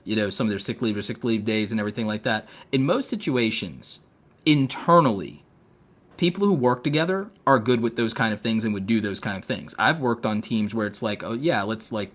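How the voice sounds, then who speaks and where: A man's voice: lowish voice, fairly quick. Rambling sarcastic podcast host man. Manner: rambling, sarcastic, filler-heavy. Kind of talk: casual podcast chat.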